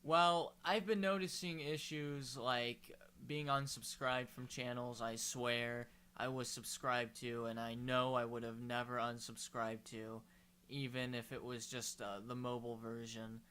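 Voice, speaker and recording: A man's voice: mid-range voice, flat delivery, measured pace, bright, forceful tone, clear, resonant tone. A man giving rambling, hesitant vlog commentary with many fillers. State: hiccuping. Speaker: YouTuber.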